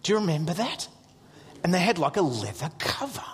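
A middle-aged man, a pastor telling funny stories in a sermon, animated and excitable with jokey asides. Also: high voice, fairly quick, slightly rough, long reverb tail. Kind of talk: humorous storytelling sermon.

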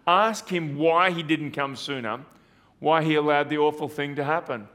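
High-voiced man preaching. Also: normal speed, a bit bright. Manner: earnest, repetitive preaching with rhetorical questions. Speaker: pastor. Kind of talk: sermon.

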